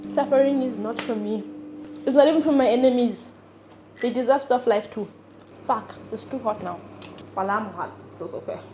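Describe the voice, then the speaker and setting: A young woman vlogger chats casually into a clip-on mic while cooking and eating, frank and unfiltered, sniffling now and then. Her slightly high voice moves at a normal speed with long pauses, then breaks into sudden loud, emphatic bursts. A faint hiss runs beneath the audio.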